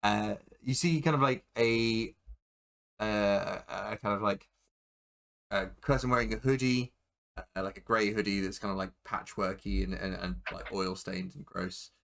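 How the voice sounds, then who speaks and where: A man's voice: lowish voice, fairly even intonation, unhurried, gravelly, fairly bright tone. A man running a tabletop game as game master, talking with many fillers and restarts.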